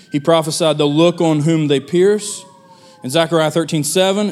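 A man preaching a sermon as pastor, relaxed and conversational, with folksy asides. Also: a little high.

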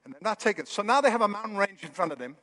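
A man preaching a sermon in a church, with animated, building emphasis. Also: high-pitched, very fast, long reverb tail. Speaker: pastor. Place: church hall.

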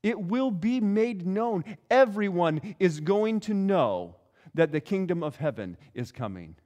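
Animated high-voiced male pastor preaching. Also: a little slow. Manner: animated storytelling, acts out quoted voices. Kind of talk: sermon.

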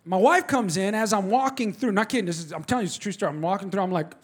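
Man, very high voice, rapid sermon, lively storytelling. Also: husky. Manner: animated, conversational, addresses the congregation directly. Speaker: pastor.

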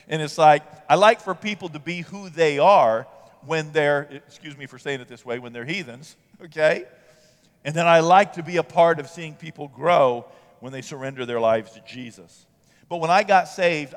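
A man's voice: on the high side, in a large hall. A male pastor giving a sermon in a conversational way, checking in with the congregation as he goes. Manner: conversational preaching with check-in questions.

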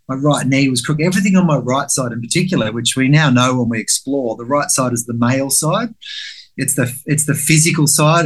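A man's voice: medium pitch, fairly bright tone. A man talking as a guest, telling a story candidly with some swearing and acting out his own inner voice. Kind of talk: conversational storytelling.

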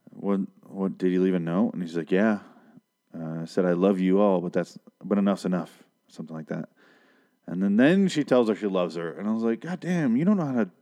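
Profane, rambling low-voiced man. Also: a little mellow. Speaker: TV episode recapper. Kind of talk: casual recap monologue.

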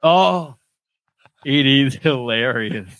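A man co-hosting a casual film chat, mostly giving short agreeing replies and quick quips. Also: mid-range voice, lively intonation, a bit bright, no echo, rough recording. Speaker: podcast co-host.

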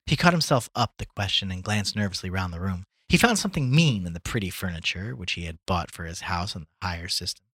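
A man's voice: sits low, fairly quick, slightly rough, dry recording, clean studio sound. A man reading a short story aloud for a podcast, acting out the dialogue with feeling. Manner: expressive, voices the dialogue dramatically. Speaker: podcast reader.

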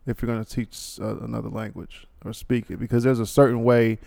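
A man's voice: mid-range voice, level tone, brisk, creaky, warm tone, no room sound. A man in his thirties hosting a podcast, talking in a laid-back, rambling, slangy way and laughing often. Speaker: podcast host. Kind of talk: casual chat.

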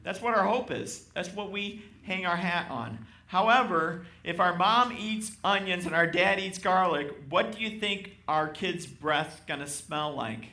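Guy preaching a sermon, kinda high voice, bright and punchy, keeps checking in w the crowd. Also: unhurried, hardly any pauses. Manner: emphatic, addresses congregation directly. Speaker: pastor. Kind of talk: sermon with scripture reading.

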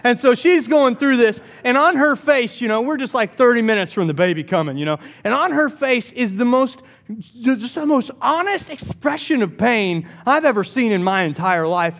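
A man's voice: very high-pitched, fairly quick. A man preaching a sermon as pastor, telling stories with playful jokes. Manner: animated storytelling with jokes.

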